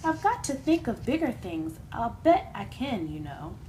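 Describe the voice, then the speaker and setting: A woman's voice: fairly high pitch, very animated, unhurried, warm tone, slight background noise. A woman voicing a frantic little girl crying out in a storybook reading. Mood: bored. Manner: cries out in alarm.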